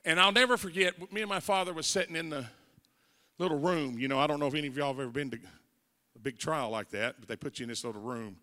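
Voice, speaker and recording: Bright-voiced older preacher in a hall. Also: male voice, fairly high pitch, fast talker. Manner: folksy storytelling, building to shouted preaching. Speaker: evangelist preacher. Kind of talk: sermon testimony. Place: church sanctuary. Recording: long church hall reverb.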